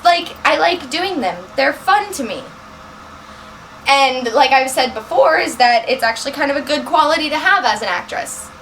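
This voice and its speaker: A young American woman chatting unscripted to her camera in a put-on French accent, rambling quickly and apologizing as she goes. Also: high voice, pushed and bright, slight background noise. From United States. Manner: rambling, fast, apologetic and self-conscious. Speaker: vlogger and actress. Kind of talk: unscripted casual chat to camera.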